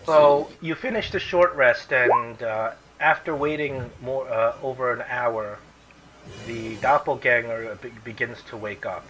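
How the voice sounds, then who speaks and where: A man narrating as game master at a tabletop game, relaxed and full of fillers. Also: mid-range voice, measured pace, poor audio.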